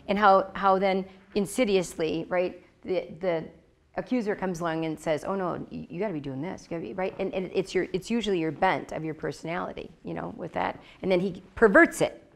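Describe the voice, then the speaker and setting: A woman teaching a Bible study in a chatty, confiding way, full of asides. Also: medium pitch.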